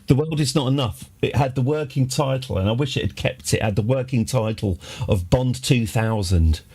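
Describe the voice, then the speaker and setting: A man's voice: medium pitch, a little mellow. A man rambles through casual live-stream chatter. He is wry and full of restarts and asides. His voice sits in a middle register. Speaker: game streamer.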